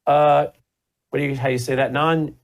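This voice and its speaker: A man hosting a radio and TV talk show, emphatic and quick to laugh. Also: fairly high pitch, level tone. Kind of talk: animated talk show banter.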